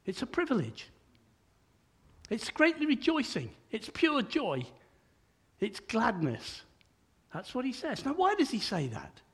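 Older male preacher, very high voice, chatty sermon full of stammered restarts. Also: wildly swooping pitch, measured pace, long pauses, slightly rough.

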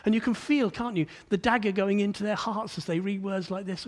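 A man preaching a sermon, animated, climbing to emphatic peaks and then dropping low and quiet, often repeating words as he starts a sentence. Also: fairly quick, hardly any pauses.

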